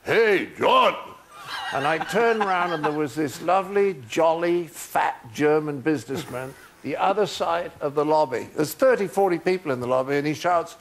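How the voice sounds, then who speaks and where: A man in his sixties, a chat show guest, telling anecdotes in an animated way. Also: on the high side, normal speed, few pauses, slight background noise.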